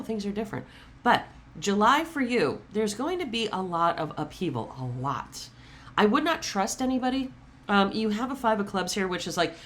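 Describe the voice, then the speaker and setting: A middle-aged woman giving a casual, chatty tarot reading straight to her audience, animated and blunt, with the odd swear word. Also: on the low side, a little hiss or hum. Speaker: tarot reader.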